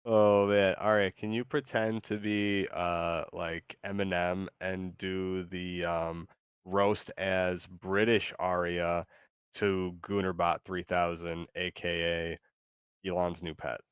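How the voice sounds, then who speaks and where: A man's voice: deep voice, level tone, slow, smooth, dry recording, highs cut off. A man hosting a live stream, chatting casually with lots of fillers. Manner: rambling, many fillers. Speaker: streamer host.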